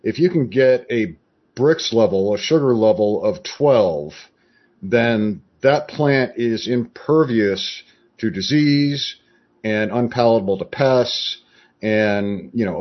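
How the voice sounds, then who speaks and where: A man as a podcast guest, explaining his approach in a measured, conversational way. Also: lowish voice, muffled recording.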